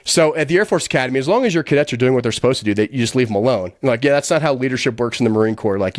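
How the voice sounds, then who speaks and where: Profane, fast-rambling man telling war stories. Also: medium pitch, no room sound, clean studio sound. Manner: animated, profane, laughs often; quick, rambling, heavy use of filler "like". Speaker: podcast guest. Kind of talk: casual storytelling.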